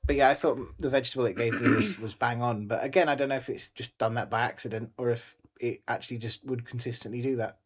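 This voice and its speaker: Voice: mid-range voice, fast, hardly any pauses, slightly rough. A podcast co-host with a mid-range voice talks casually, circling back on phrases and repeating words as the thoughts come together. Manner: rambling, repeats words while thinking aloud. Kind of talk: casual chat.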